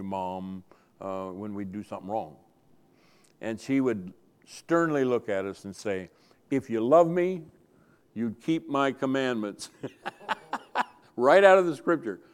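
A man preaching a sermon, earnestly repeating key phrases and swinging his loudness for emphasis. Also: lowish voice, clear, resonant tone. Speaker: pastor.

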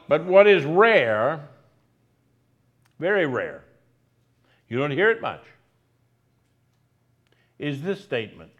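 A man preaching a sermon, speaking slowly and deliberately and repeating key phrases for emphasis. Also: fairly high pitch, big pitch swings, fairly bright tone, muffled recording.

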